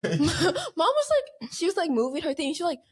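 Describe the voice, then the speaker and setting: Young woman co-host, high voice swinging wildly, slangy animated storyteller. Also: a little fast. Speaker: podcast co-host. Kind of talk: casual storytelling chat.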